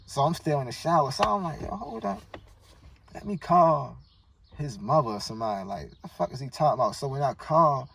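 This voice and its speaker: A man's voice: mid-range voice, expressive, brisk, creaky, a bit bright, slightly rough. Baltimore man telling a grieving story. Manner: emotional, slangy, rambling retelling. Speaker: guest. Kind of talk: personal storytelling in casual chat. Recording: distant mic with faint noise.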